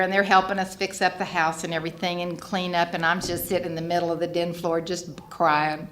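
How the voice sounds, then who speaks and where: A Texas woman with a lowish voice speaks briskly and with few pauses, telling her own story at a recovery fellowship gathering. She's a lively storyteller who acts out the voices of the people she quotes. The recording has the roomy sound of a hall, with faint noise in the background.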